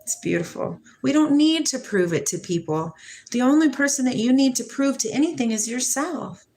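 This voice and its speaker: A woman in her forties from Washington state hosts a casual spiritual livestream, chatting with viewers and reading their comments in a soft, affectionate way, laughing often. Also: sits high, expressive, normal speed, a little hiss or hum. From Washington state, USA. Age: 40s. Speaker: livestream host.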